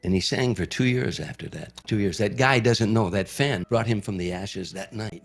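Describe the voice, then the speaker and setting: A man's voice: fairly low pitch, moderate pace, creaky. A man telling a long story in an interview, vividly acting out what people said. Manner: vivid storyteller, acts out quotes. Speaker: comedian recalling a friend.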